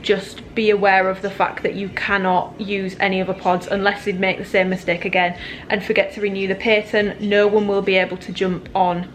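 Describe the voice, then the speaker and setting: A young Englishwoman in her early twenties talks to the camera in a relaxed, meandering way, sprinkling "like" through every thought. Her voice sits at an ordinary middle pitch, and she keeps up a chatty vlog flow while she potters around her kitchen. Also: normal speed, slight background noise. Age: early 20s. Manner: chatty and rambling, with lots of "like". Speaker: fitness vlogger. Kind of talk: casual vlog chat.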